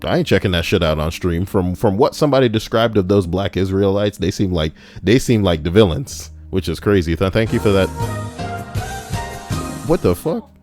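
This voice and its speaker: Young man, very deep voice, casual streamer chat, swears a lot, rambling. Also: brisk, hardly any pauses, darkish tone, soft background music. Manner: profane, rambling, laughs at his own stories. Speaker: livestream host.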